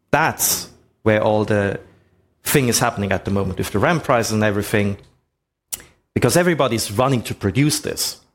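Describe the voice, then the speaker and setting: Man with a lively, swooping voice. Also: on the low side. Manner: rhetorical questions, conversational. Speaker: presenter. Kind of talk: explanatory talk with slides.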